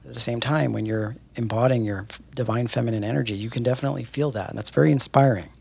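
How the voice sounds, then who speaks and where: A man's voice: medium pitch, steady tone, quick pace, gravelly, darkish tone, slightly rough. A man co-hosting a casual podcast, speaking in an admiring, reflective way. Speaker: podcast co-host.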